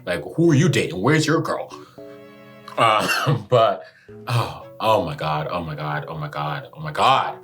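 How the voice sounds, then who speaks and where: A man hosting a YouTube reaction video, animated and emotional, talking back to the screen. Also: deep voice, unhurried, soft background music. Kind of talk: casual reaction commentary.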